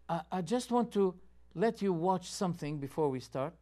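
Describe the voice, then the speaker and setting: Man, sheikh, commentary, lively intonation, rhetorical questions, soft asides. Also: high voice, normal speed. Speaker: sheikh presenting a debate show. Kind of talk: commentary on video clips.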